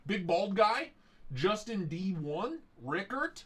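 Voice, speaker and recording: A man's voice: high voice, big pitch swings, measured pace, pushed and bright, a little hiss or hum. A man hosting a casual live stream, rambling and joking with a profane edge. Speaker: livestream host.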